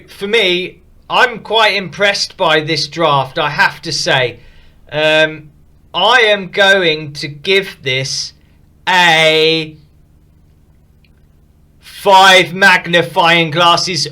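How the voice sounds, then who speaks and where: A man's voice: on the high side, sharp tone. A man casually reviewing and rating viewers' fantasy football teams, frank and opinionated but upbeat. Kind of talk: casual commentary.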